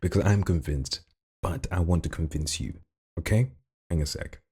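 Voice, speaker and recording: A man with a very deep, gravelly voice full of vocal fry, chatting casually and jokingly in a vlog while showing off voices at home late at night. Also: moderate pace, no echo, clean studio sound. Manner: relaxed, chatty, jokey asides. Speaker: hobby voice actor.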